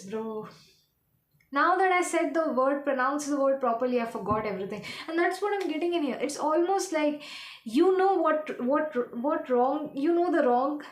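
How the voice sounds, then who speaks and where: A woman giving a casual tarot reading, rambling and halting as she hunts for her words. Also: high voice, roomy sound. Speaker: tarot reader.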